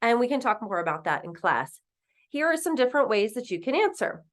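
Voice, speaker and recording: A woman teaching a recorded French lesson, patiently explaining and repeating phrases slowly. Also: a little high, animated.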